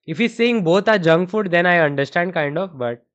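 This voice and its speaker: A young Indian-accented man streams chess, talking through variations aloud and casually answering chat. His voice is high, animated and a bit bright, at a moderate pace. The stream audio sounds dull and muffled.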